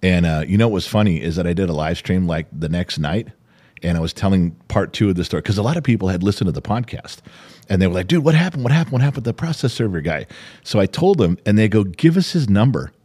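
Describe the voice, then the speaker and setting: A middle-aged man hosting a podcast, telling a story in casual chat, animated and profane, acting out the people he quotes. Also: low-pitched, fast talker. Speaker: podcast host.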